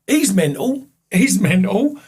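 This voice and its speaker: A man guest with a husky voice, telling a candid, sweary personal story in casual chat and acting out the voices of the people he quotes. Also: sits high, big pitch swings, slow, a little mellow.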